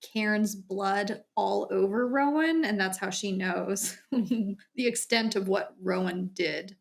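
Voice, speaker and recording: A woman co-hosting a relaxed book conversation. She chimes in with story details and reacts openly to the sad parts, in a plain, friendly speaking voice. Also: medium pitch, slow, gravelly. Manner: conversational, reacts to emotional scenes. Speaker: book podcast co-host. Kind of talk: casual book discussion.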